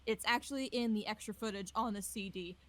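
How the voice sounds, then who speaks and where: A woman's voice: medium pitch, fairly quick, fairly bright tone. A woman in a casual podcast chat who shares trivia in an amused, chatty way.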